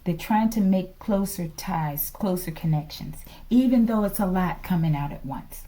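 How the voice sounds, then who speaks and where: A woman gives a casual tarot reading with a mellow, fairly low voice. She speaks emphatically, leaning on her points and checking in with the audience again and again. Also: normal speed. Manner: emphatic, keeps checking in with listeners. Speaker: tarot reader.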